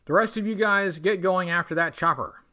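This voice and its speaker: A man reading aloud as a brisk, commanding male soldier hero. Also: sits high, bright, forceful tone. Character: gruff male soldier hero leading a rescue.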